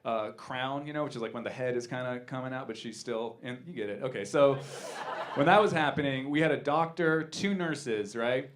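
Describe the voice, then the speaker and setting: A man in his thirties doing a stand-up comedy set on a club stage, talking in an animated way and jumping into loud voices for characters. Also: medium pitch, normal speed, noisy background.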